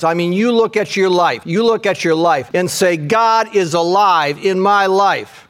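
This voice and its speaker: Fervent preacher man, higher voice. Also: a little slow, hardly any pauses. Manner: fervent, climbs high and loud reading scripture aloud; casual, calls listeners "man" and "guys". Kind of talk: sermon.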